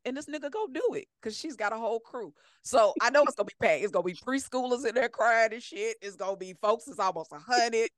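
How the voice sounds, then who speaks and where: A middle-aged woman, telling profane, animated stories as a podcast co-host. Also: on the high side, fairly quick, hardly any pauses, dry recording, studio quality. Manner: animated, profane storytelling with acted-out quotes. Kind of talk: casual chat.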